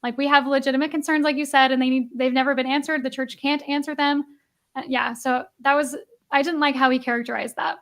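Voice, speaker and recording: A woman's voice: sits high, fairly even intonation, fast talker. A woman co-host telling a story in casual podcast chat, rambling with many restarts. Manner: rambling, lots of likes and restarts.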